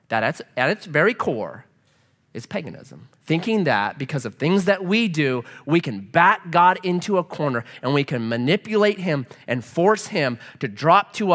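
Animated, bright-voiced male pastor preaching. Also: a little high. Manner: animated, acts out quotes in shifting voices. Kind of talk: sermon. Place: church.

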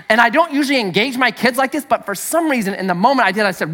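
A man's voice: very high voice, animated, quick pace, few pauses, pushed and bright. A man preaching a sermon as pastor, telling a family story with acted-out voices and humor. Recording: echoey hall.

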